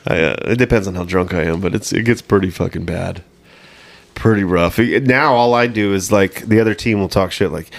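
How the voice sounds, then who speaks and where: Speaking briskly in a low-pitched voice, this comedy podcast host spins crude stories about gaming in a casual style. He laughs in bursts and performs the quotes himself.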